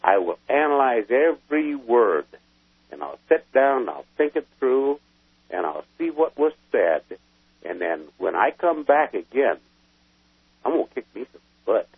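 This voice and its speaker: A man calling into a radio show as a military veteran, talking in a gruff, folksy, emphatic way, with a husky voice. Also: medium pitch, sing-song, unhurried, dry recording. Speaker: call-in caller, military veteran. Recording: tinny dry phone line.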